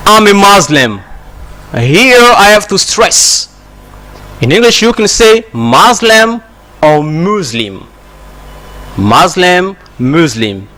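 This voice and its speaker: Slow-speaking Congolese man teaching English. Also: sits high, bright, forceful tone, smooth. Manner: slow, repetitive teaching with example sentences. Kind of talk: broadcast English lesson.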